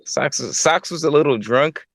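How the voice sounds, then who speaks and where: A man's voice: fairly high pitch, moderate pace, creaky, fairly bright tone, no room sound. A man calling into a livestream, laid-back and joking, who often repeats himself. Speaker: caller. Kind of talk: casual call-in banter.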